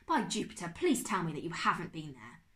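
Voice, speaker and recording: Reading a storybook aloud, a woman puts on the voice of an excitable, fussy middle-aged uncle, fairly low in pitch and stern. He exclaims and splutters while lecturing and fretting, his pitch swinging widely up and down.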